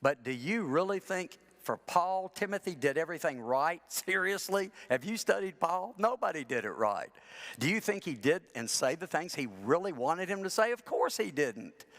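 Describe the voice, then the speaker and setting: A man's voice: on the high side, sing-song, moderate pace, fairly bright tone. A man preaching a chatty sermon, full of self-deprecating humor and acting out people in his stories. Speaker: pastor. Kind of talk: conversational sermon with storytelling. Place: large church sanctuary. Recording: church with long reverb.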